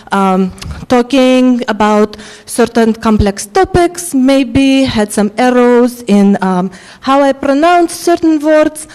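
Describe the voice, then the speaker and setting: A woman voicing an eager foreign applicant with a heavy Russian accent, speaking haltingly as she searches for words. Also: on the high side, darkish tone.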